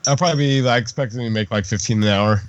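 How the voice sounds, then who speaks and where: A man's voice: on the low side, very fast, dull audio. A man co-hosting a gaming podcast in casual chat, easygoing, reacting briefly and laughing often. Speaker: podcast co-host.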